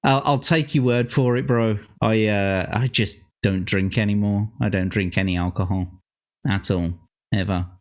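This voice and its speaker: A man's voice: on the low side, fairly even intonation, moderate pace. A man co-hosting a casual livestream chat, laughing often and swearing freely. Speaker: co-host.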